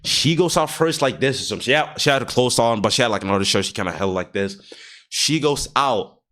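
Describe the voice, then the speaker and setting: Young dude storytime vlog, cursing a lot, laughs, swoopy lively voice. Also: male voice, medium pitch, fairly quick. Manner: slangy and profane, laughing, dropping to a near-whisper. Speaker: vlogger. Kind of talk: casual storytime chat.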